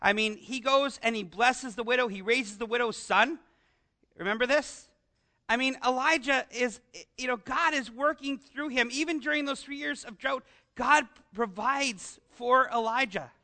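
A man preaching a conversational sermon into an amplified microphone, animated and often asking his congregation rhetorical questions. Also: very high-pitched, moderate pace. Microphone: amplified microphone with some feedback.

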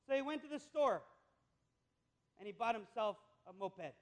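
A male preacher with a very high voice, delivering a sermon in an emphatic storytelling manner. He builds his points through repetition. A long reverb trails each phrase, as if he is in a big hall. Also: expressive, moderate pace, long pauses.

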